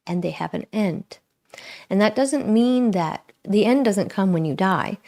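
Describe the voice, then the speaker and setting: A middle-aged woman speaking earnestly and reflectively to viewers on a live spiritual talk, with frequent pauses. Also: medium pitch, darkish tone. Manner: slow, pausing, earnest and self-reflective. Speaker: spiritual livestream host.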